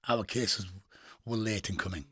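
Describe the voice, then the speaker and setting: Casting: husky, low-voiced Geordie man, middle-aged, crude street storyteller, dry close sound. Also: fairly even intonation, moderate pace, pushed and bright, dry recording. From England. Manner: swearing, laughing storyteller with street slang. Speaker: guest. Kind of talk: casual storytelling interview.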